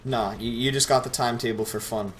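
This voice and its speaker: A man's voice: medium pitch, steady tone, fairly quick. A teenage boy casually telling stories over gameplay, rambling, sarcastic and swearing freely. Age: teens. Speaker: gameplay commentator.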